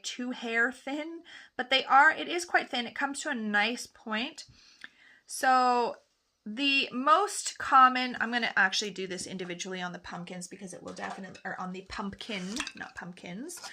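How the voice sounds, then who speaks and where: A woman's voice: on the high side, pushed and bright. A woman nail technician chatting casually through a tutorial as she paints, often correcting herself mid-sentence. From Canada. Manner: chatty, talks while painting, self-correcting.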